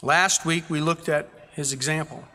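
A man's voice: on the high side, fairly even intonation, moderate pace, pushed and bright, big-room sound. A man preaching a sermon as a pastor, earnest, building emphasis through repeated phrases.

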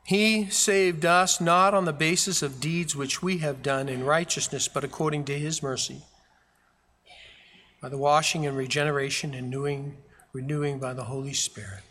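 The preacher's voice sits on the high side, pushed and bright, with fairly even intonation at a moderate pace. Standing in a church sanctuary, he drives his sermon with growing fervor and emphatic repetition, recorded with long large-hall reverb and slight background noise.

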